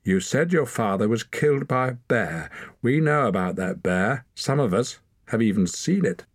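A man's voice: mid-range voice, expressive, moderate pace, no room sound, studio quality, voice pushed up, lightly acted. A man voicing a suspicious, insistent young girl in a storybook. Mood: grave. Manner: urgent, insistent.

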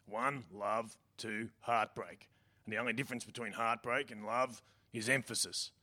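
A man voicing a crude, deadpan bluesy dude with an Australian accent, talking and singing with guitar on a comedy stage. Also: on the low side, normal speed, pitched below the performer's own voice.

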